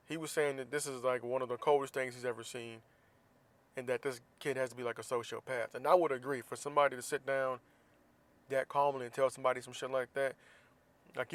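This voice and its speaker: A man from Florida hosting a podcast, ranting bluntly and profanely in a casual opinion monologue. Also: mid-range voice. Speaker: podcast host.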